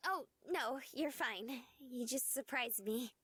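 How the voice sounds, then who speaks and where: A woman voicing a cheerful, stubborn young woman in a visual novel, bright and eager. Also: a little high, takes it slowly, breathy edge, no echo, clean studio sound, exaggerated voice.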